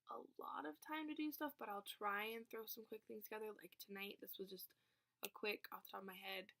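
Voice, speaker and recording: A woman's voice: mid-range voice, creaky. A teenage girl chatting casually in a vlog, rambling through stories with lots of fillers. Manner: rambling storytelling, filler-heavy, laughs when angry. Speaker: vlogger.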